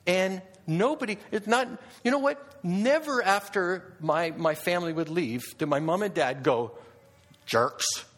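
A man giving a public talk to an audience, animated, full of rhetorical questions and restarts. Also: high-pitched, moderate pace, hardly any pauses, slight background noise. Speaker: speaker addressing an audience.

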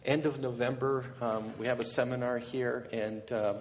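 A man hosting a seminar, speaking haltingly and repeating words. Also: mid-range voice, flat delivery. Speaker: seminar host. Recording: reverberant hall with faint noise.

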